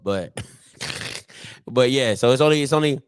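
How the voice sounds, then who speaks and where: A man, hosting a casual sports chat to camera, ranting and poking fun at old-timers with loud put-on voices. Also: medium pitch, measured pace, smooth, no room sound, studio quality. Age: 30s. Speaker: show host.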